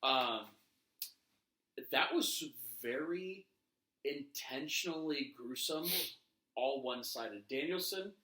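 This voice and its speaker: A man co-hosting a laid-back wrestling podcast. He tells stories in an animated way and laughs often. His voice is bright and forceful. It sits in an echoey room. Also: mid-range voice, slow pace, pauses often. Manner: animated, laughing storyteller, swears casually. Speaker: podcast co-host. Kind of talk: casual chat about wrestling.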